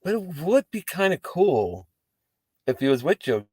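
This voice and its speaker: A man's voice: fairly high pitch, a little slow, husky, no room sound. A man hosting a wrestling post-show, talking casually and profanely to the camera from inside his parked car. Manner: rambling, profane, animated asides.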